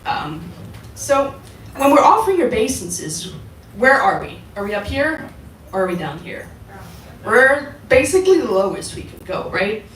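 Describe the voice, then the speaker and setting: A woman leads a casual devotional class, her pitch rising and falling in a lively way as she puts questions to the group. She sounds a little distant from the mic, in a roomy, echoing hall with faint ambience behind her. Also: unhurried, a little hiss or hum. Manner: conversational, asks the audience questions. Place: temple hall. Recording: echoey hall, voice from far off.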